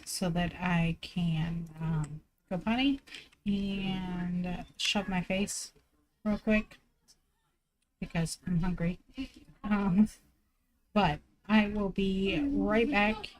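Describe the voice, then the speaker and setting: A woman's voice: mid-range voice, poor audio. A woman live streamer chatting casually from home, rambling and self-deprecating, swearing freely and filling her talk with "like". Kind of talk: casual chat.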